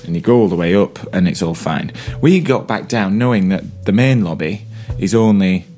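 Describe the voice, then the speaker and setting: A man's voice: low voice, lively intonation, moderate pace, warm tone. Chatty Lancashire man, faint guitar behind. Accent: Lancashire English. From Burnley, England. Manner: chatty storyteller, rambling with restarts. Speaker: podcast co-host. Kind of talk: casual chat.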